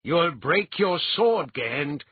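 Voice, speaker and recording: Guy playing a grim tough hero, loud and firm, husky, dull lo-fi. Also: on the high side, expressive, slow pace, dry recording, voice pushed up, heavily acted. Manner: grim, firm, plain-spoken. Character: grim, confident male hero of legend.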